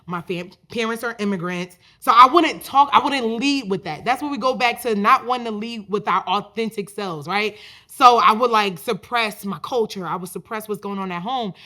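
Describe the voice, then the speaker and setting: A woman in her twenties hosts her own podcast, telling a personal story in a loose, chatty monologue. She talks in an animated way, full of "like" and restarts, at a middle pitch. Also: moderate pace. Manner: chatty, animated, many fillers like "like". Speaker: podcast host.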